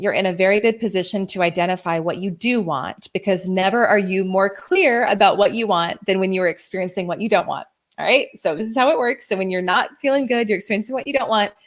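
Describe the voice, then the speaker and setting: A woman in her thirties hosting a live coaching stream, reading viewer comments aloud in a gushing, effusive way, full of "like" and exclamations. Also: medium pitch. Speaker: host and coach.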